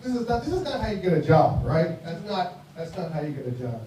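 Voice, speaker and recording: At a live comedy venue, an American man in his fifties rambles through a stand-up set, mumbling his way along in a fairly high, sing-song, mellow voice at a fairly quick clip. The room is very echoey, he sounds far from the mic, and there's faint noise.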